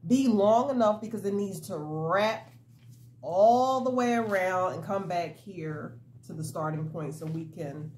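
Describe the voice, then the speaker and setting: A woman's voice: lowish voice, unhurried, a little hiss or hum. A woman hosting a crochet video, chatting casually and laughing often as she works at home. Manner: giggly, chatty, animated storytelling. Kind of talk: casual chat while crocheting. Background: soft lo-fi hip-hop music.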